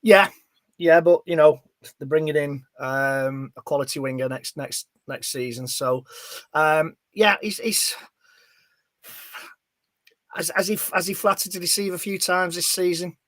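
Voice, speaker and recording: List: man, sports pundit, hesitant, halting, dry recording. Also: on the high side, a bit bright, no room sound. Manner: hesitant, many restarts and fillers. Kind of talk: casual sports chat.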